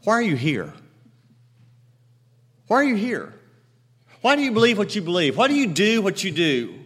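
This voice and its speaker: A male pastor delivering a sermon in a fairly high voice, with a long hall reverb trailing each phrase. He drives his points home with loud emphatic declarations, then drops low and quiet to tell a story. The sound is that of a church sanctuary. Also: big pitch swings, fast.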